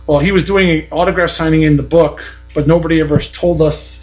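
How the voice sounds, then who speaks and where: A man's voice: fairly high pitch, fairly even intonation, brisk, hardly any pauses, soft background music, rough recording. A man on a podcast telling a long, indignant story in a blunt, profane, casual way. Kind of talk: casual ranting anecdote.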